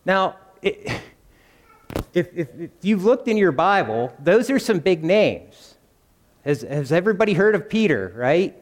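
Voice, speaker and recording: A man's voice: high voice, very animated, measured pace. Man preaching in a reverberant church. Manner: conversational, asks the congregation questions. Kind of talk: sermon.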